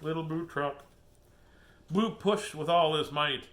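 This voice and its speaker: A man's voice: a little high, takes it slowly, a bit bright, slight background noise. A man hosting a casual storytime, reading children's books aloud with jokes and asides. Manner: playful, jokey, laughs at his own puns.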